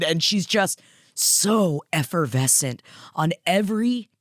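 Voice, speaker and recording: A woman co-hosting a podcast in casual chat, animated and gushing, often acting out quotes. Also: lowish voice, a little slow, no room sound, studio quality. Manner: animated, gushing, acts out voices. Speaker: podcast co-host.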